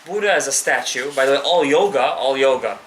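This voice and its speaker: A man's voice: mid-range voice, a little fast, roomy sound, a little hiss or hum, poor audio. A male rabbi giving a live Torah class, passionately addressing his listeners directly and mixing in Hebrew terms.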